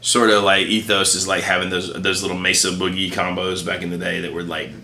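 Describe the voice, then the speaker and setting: A man's voice: sits low, completely flat delivery, brisk, pushed and bright. A man co-hosting a guitar shop livestream, talking casually in rambling sentences full of fillers. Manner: rambling, filler-heavy, laughs often. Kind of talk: casual chat.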